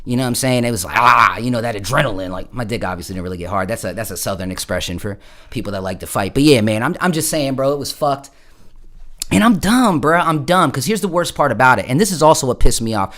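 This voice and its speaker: A man's voice: medium pitch, expressive, fast talker, a bit bright. Casting: a man from Florida, loose musician hosting a livestream, swears a lot, rambles, calls everyone bro. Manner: rambling, profane storytelling, full of "bro". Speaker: musician streaming live. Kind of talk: casual livestream chat.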